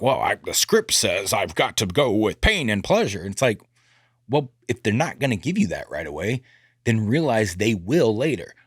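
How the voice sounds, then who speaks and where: A man hosting a sales podcast in casual chat, animated and joking, acting out bits of dialogue. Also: deep voice, no room sound, clean studio sound.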